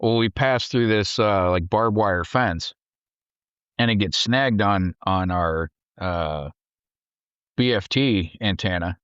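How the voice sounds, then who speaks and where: Man, profane animated storyteller, lowish voice, dry dull lo-fi sound. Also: slow pace, smooth, no echo. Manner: profane, animated, acts out quotes in a shouted high voice. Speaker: podcast guest, Marine veteran. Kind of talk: casual storytelling.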